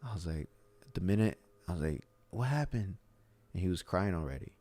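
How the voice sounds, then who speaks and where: A man's voice: deep voice, expressive, brisk, mellow, no room sound. A middle-aged man who owns a gym, chatting casually and telling rambling stories with lots of restarts. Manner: rambling storyteller with many restarts. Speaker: gym owner. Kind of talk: casual podcast conversation.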